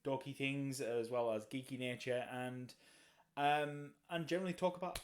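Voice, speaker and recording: Husky-voiced middle-aged man with a cold. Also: mid-range voice, fairly even intonation, normal speed, a little hiss or hum. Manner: chatty, laughs often. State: hoarse from a cold. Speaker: podcast host. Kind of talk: casual chat.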